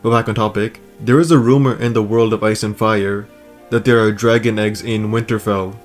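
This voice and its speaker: Hoarse male video-essay host, flat delivery, casual and joking, faint music under him. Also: lowish voice, normal speed. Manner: casual, joking, crude asides. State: hoarse, losing his voice. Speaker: YouTube host.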